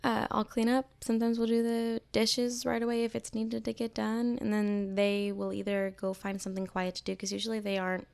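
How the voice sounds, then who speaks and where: A woman's voice: fairly high pitch, level tone, a little fast, gravelly, hardly any pauses, a little mellow, clear, resonant tone. A woman co-hosting a podcast, chatting casually about her kids and laughing often. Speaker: podcast co-host. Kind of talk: casual chat.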